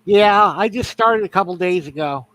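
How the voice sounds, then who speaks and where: Man, guest on a live chat, high voice, joking, relaxed, uhs between words. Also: normal speed, dry recording. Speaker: guest caller on a stream. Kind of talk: casual chat.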